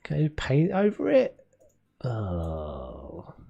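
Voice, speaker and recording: Streaming a renovation game, a young man rambles and chats with viewers, laughing often as he talks to chat in casual gameplay commentary. His mid-range voice swoops wildly in pitch and draws out words, sounding gravelly and slightly rough; the audio is dull, with faint game music behind.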